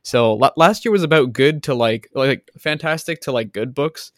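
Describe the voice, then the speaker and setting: A man's voice: mid-range voice, normal speed, no room sound, clean studio sound. A Canadian man co-hosting a casual comics podcast, rambling and self-deprecating. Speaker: podcast co-host. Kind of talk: casual comedic podcast chat.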